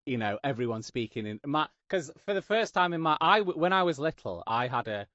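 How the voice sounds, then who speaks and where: A man's voice: on the high side, sing-song, fairly quick, bright, forceful tone, no echo. A man from Yorkshire hosting a casual interview, with a neutral English accent that has a slight Northern edge, chatty and joking. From Yorkshire, England. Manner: chatty, joking, self-deprecating. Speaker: podcast host. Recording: dull lo-fi dry sound.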